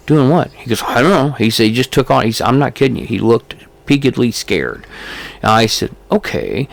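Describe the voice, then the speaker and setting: Gravelly man telling a rambling story. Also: lowish voice. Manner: rambling, filler-heavy anecdote telling. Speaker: podcast co-host, paranormal investigator. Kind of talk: casual storytelling chat.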